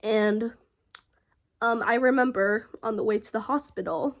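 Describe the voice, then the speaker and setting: A young woman vlogger telling a personal story in a halting, emotional way, with frequent fillers and pauses. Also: on the high side, fairly even intonation.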